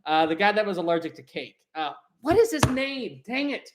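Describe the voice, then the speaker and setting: Heavy background noise surrounds this livestream host, whose mid-range, sing-song voice moves at a moderate pace. Reading chat aloud in casual conversation, the host laughs a lot and trails off hesitantly, filling gaps while searching for words.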